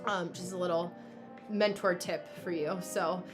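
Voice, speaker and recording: A woman's voice: on the low side, fairly even intonation, measured pace, music in the background. A young woman from New Jersey with a New Jersey accent, hosting a casual astrology livestream and chatting with viewers by name, full of fillers. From New Jersey, USA. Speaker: livestream host, astrology reader. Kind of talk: casual livestream chat reading comments.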